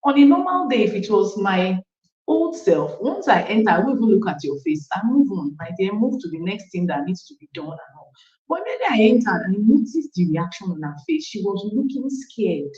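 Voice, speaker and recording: A woman in her thirties from Nigeria, with a Nigerian English accent, giving a casual personal testimony with animated acted-out quotes and asides to her coach. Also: mid-range voice, brisk, echoey room, dull audio. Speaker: parent sharing a testimony.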